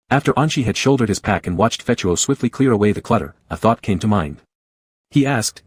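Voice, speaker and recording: Low, husky male audiobook narrator. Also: expressive, brisk, no echo. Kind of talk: scripted narration.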